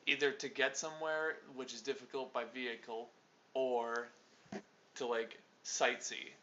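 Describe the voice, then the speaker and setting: A man's voice: medium pitch, level tone, a little slow, sharp tone. A man chatting from off to the side of a home stream, dry and teasing. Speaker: streamer's partner. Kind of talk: casual chat, off-mic. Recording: muffled, off-mic with faint hum.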